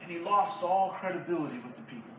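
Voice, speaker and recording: High-voiced man telling a Bible story. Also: fast. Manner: lively, slangy retelling. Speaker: youth pastor. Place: church hall. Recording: echoey hall from far off, faint noise.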